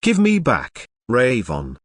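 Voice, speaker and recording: A stubborn, curious little princess, as a man puts her on for a comic dub. She talks eagerly and insistently, with a pitch that jumps around a lot. The sound is dry and close. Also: wildly swooping pitch, slow pace, dry recording, heavily acted.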